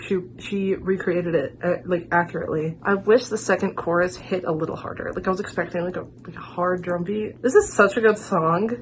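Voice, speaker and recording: A woman's voice: lowish voice, a little hiss or hum, low-quality recording. Gushing young woman reacting to music. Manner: gushing, chatty, many "like" fillers. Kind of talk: casual album reaction commentary.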